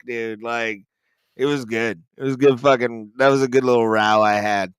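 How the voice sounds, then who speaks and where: A man's voice: medium pitch, moderate pace, a bit bright, smooth, no echo. A man co-hosting a podcast, a stand-up comic telling profane stories in casual chat and jumping into silly voices for quotes.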